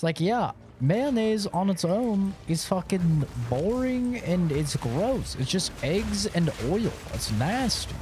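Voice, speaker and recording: A man commentating his own gameplay in a loose, casual way, swearing often and ranting about whatever comes up. His pitch swings widely while his pace stays slow and drawn out. Faint music plays behind him. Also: expressive, darkish tone. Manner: swears freely, rants animatedly. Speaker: streamer.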